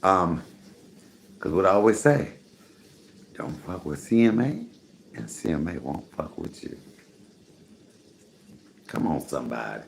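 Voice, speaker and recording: A man in his fifties chatting casually to the camera from his home while cooking, animated and repeating catchphrases. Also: sits low, a little hiss or hum. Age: 50s. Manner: animated, repeats "come on, somebody". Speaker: vlogger. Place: home apartment, indoors, cooking. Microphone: camera mic.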